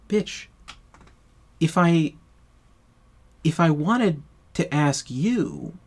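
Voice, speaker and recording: A man's voice: a little high, a little mellow. A man telling a storytime tale in a casual monologue, exasperated and profane, rambling with many restarts.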